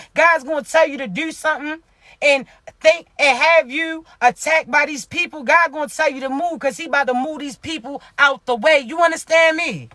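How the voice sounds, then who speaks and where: Blunt, sharp-voiced woman preaching. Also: high-pitched, no echo, clean studio sound. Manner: acts out imagined people's words. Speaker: spiritual reader. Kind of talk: casual motivational monologue.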